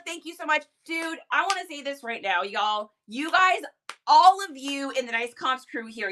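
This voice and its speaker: Bright, bubbly woman livestream host. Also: fairly high pitch. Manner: energetic, chatty, quick laughs. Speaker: live stream host. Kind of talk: casual live chat.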